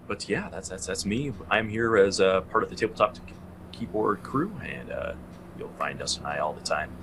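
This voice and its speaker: A man's voice: deep voice, noisy background. A man introducing his tabletop character with dry, wry humor. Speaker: player and podcast co-host. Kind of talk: casual chat.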